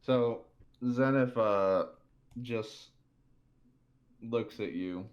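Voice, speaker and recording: A man acting as game master, narrating a tabletop role-playing game in a relaxed, chatty way with frequent laughter. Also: fairly low pitch, extremely slow, muffled recording.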